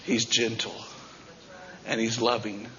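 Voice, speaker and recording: A man preaching a sermon as pastor, swinging between shouted passages and quieter talk. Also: on the low side, little pitch movement, slow, muffled recording.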